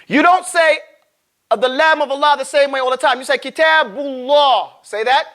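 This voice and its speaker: A man teaching Quran recitation in a classroom, speaking casually, joking and quizzing his students while sounding out words slowly. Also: very high voice, bright, forceful tone.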